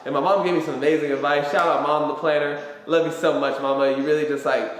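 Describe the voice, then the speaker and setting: A man's voice: a little high, flat delivery, quick pace. A man giving a casual livestream pep talk as a motivational vlogger, rambling with lots of fillers and free swearing. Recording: very echoey room with long reverb.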